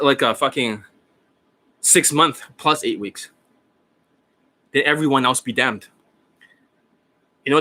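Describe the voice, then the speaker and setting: A hoarse man lecturing his viewers as a dating coach, profane and combative, firing off rhetorical questions. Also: medium pitch, a bit bright. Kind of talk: ranting monologue to viewers.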